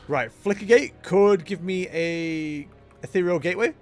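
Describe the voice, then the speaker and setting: A man's voice: high voice, a little slow, soft background music. Jokey man streaming a game. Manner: jokey, self-mocking, chatty with chat. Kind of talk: casual gameplay commentary.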